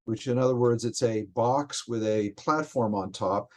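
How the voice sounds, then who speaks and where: A man, a software developer, explains technical details in conversation, often stopping and restarting his phrases. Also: medium pitch. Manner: halting, frequent restarts while explaining.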